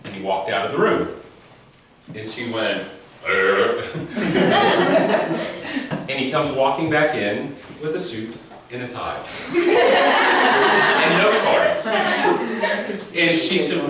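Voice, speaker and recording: A man's voice: medium pitch, lively intonation, slow, pauses often. Chatty man telling stories in an echoey room. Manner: chatty, amused, laughs through anecdotes. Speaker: teen court coordinator. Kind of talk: storytelling talk to teens and parents. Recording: echoey room from far off with faint noise.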